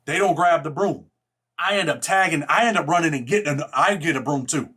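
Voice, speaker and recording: A man casually telling a personal story in rough street slang, blunt and profane, filling every pause with "man" and "right?". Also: fairly high pitch, bright, forceful tone.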